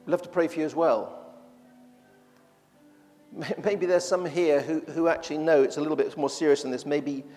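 A man's voice: fairly high pitch, steady tone, normal speed, long pauses, darkish tone, long reverb tail, faint music behind. A man preaching a sermon in a church, talking in a conversational way with frequent restarts.

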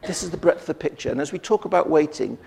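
Preacher in a reverberant hall. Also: male voice, a little high, expressive, quick pace, gravelly, darkish tone, slight background noise. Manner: conversational, with frequent restarts and rhetorical questions. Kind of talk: sermon. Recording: long reverb of a church hall.

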